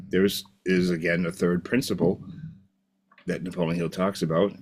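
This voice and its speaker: A man with a low voice talks to camera as a motivational coach. His delivery is loose and reflective, and he restates his points as he goes. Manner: reflective, repeats key phrases, loose and unscripted. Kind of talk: motivational video monologue.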